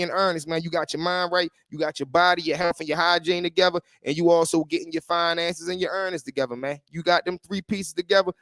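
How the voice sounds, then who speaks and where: A man hosting a casual livestream, talking in animated slang and greeting people in the chat. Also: a little high, no room sound, clean studio sound. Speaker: livestream host.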